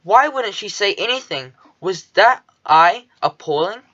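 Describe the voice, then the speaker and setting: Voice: medium pitch, animated, a little slow, a bit bright, lo-fi sound. A reader narrating a children's storybook in the first person, with a nervous, fussy manner. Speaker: audiobook narrator.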